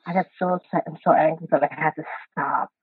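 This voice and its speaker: A woman calling in to a podcast, venting about her partner in a halting, frustrated way with a husky voice. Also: low voice, steady tone, no room sound. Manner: frustrated, halting, many restarts. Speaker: caller. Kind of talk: live call-in chat. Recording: dry tinny call line.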